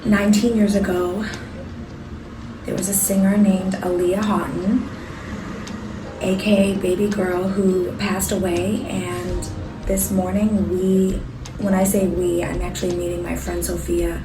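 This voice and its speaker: A woman's voice: lowish voice, little pitch movement, unhurried, noisy background. A woman in her late thirties, chatting casually to camera as a vlogger, telling stories with many fillers. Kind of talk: casual vlog chat. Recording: roomy echo, music in background.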